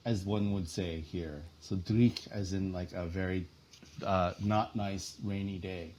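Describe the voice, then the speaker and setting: A man's voice: low voice, fairly even intonation, a little slow, darkish tone, a little hiss or hum. A man from New Jersey in his thirties, chatting as an interview guest with lots of fillers and laughter. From central New Jersey, US. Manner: chatty and rambling, laughs often, many fillers. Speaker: guest artist. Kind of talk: casual interview chat.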